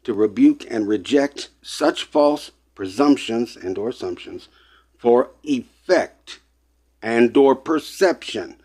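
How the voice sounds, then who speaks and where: A man of middle pitch talks straight to his audience in a heated, lecturing monologue. He hammers his points with repetition and emphatic stresses, often calling out to the listeners directly. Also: lively intonation, takes it slowly, darkish tone. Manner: emphatic, repetitive, gets worked up; lecturing, addresses listeners as people. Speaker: online presenter. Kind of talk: impassioned monologue.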